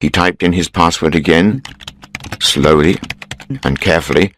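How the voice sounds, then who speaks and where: A man reading a story aloud in a steady, measured way for English learners. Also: low-pitched, a little hiss or hum, rough recording. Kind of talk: scripted storybook narration.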